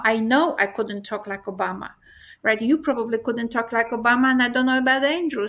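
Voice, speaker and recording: A woman's voice: on the high side, bright, forceful tone. A woman hosting an academic panel on a video call, steering the discussion and stating her points firmly. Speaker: host.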